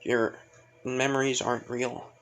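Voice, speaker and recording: A man reading a gentle, calm young girl. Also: medium pitch, unhurried, soft background music, low-quality recording.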